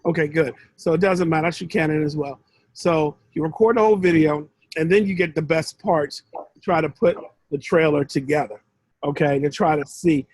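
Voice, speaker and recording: A man's voice: a little high, fairly even intonation, moderate pace, a little mellow, dry recording, rough recording. A man mentoring one student in a casual, rambling way over a video call, often restarting his sentences. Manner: rambling, conversational, with frequent restarts.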